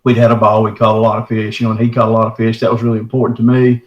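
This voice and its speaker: A middle-aged man with a fairly low voice races through a casual, first-person account of his own encounter, animated and folksy and often saying "man." The sound is roomy, with the highs cut off.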